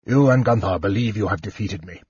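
Man reading hateful knight lord, low, soft, shaking, menacing, husky, muffled. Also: fairly quick, no room sound. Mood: seething. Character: bitter proud male knight lord, hateful. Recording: muffled lo-fi audiobook recording.

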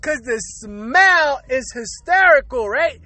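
A man's voice: very high-pitched, expressive, takes it slowly, bright, forceful tone, no echo. A man telling a crude comedic story to his viewers, laughing constantly through his words and acting out noises.

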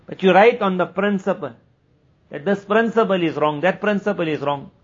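A man giving a conversational sermon as a religious teacher, moving between plain explanation, acted-out dialogue and quick recitation of scripture passages. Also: sits high. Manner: conversational, acts out quoted dialogue. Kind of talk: sermon at a weekly gathering. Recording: dull lo-fi recording.

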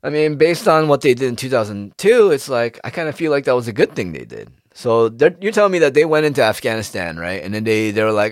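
A man's voice: medium pitch, fast, hardly any pauses, dry recording, clean studio sound. A man ranting in a casual monologue, swearing freely and firing off rhetorical questions. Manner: animated, profane, rhetorical questions.

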